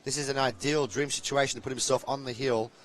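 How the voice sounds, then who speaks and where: Man, pool commentator, excitable, jokey live commentary. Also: medium pitch, quick pace, poor audio.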